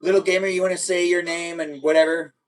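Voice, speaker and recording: A man's voice: on the high side, level tone, fast talker, rough recording. A man hosting a casual live stream guest night, easygoing, laughing often and asking his guests questions. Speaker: livestream host.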